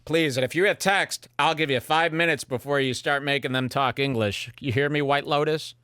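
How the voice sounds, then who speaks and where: A man's voice: a little high, moderate pace, pushed and bright, clear, resonant tone, no room sound. Sarcastic man ranting at a studio mic. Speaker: podcast host. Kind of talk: casual commentary. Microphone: headphones and studio mic.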